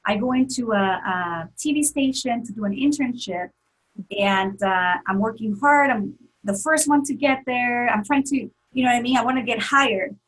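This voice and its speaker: Female guest recounting a painful past in an earnest, emotional way, husky and somewhat high-pitched. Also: normal speed, poor audio. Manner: earnest, emotional, many fillers and restarts. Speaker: interview guest. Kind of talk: emotional personal story in an interview.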